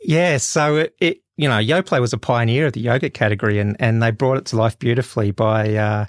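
A man being interviewed as a marketing director, speaking in a measured, businesslike way with hesitant fillers. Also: medium pitch, no echo, clean studio sound.

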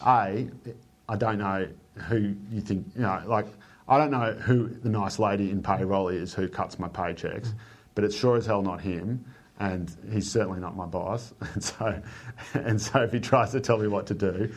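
Aussie guy, an editor, blunt and sarcastic, kinda low voice, swears a lot. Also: fairly even intonation, normal speed, slightly rough. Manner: blunt, sardonic, swears freely. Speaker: newspaper opinion editor. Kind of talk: candid interview talk.

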